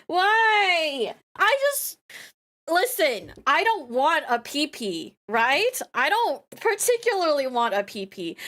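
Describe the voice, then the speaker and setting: A woman VTuber streamer in casual chat, telling rambling, animated stories with frequent laughter and repeated phrases. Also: high-pitched, slow pace.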